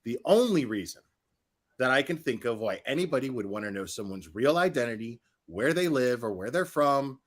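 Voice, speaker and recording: A man's voice: medium pitch, sing-song, moderate pace. Casual swearing man hosting a stream. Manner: mocking, swears freely, laughs often. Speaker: host. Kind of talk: casual livestream commentary.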